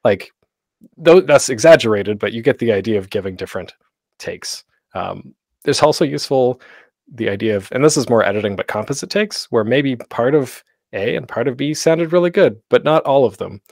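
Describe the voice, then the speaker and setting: A man's voice: medium pitch, lively intonation, normal speed, gravelly, darkish tone, no room sound. Chatty man hosting a panel, dry sound. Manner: chatty, with many fillers. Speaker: convention panel host. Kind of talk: casual live-streamed workshop talk.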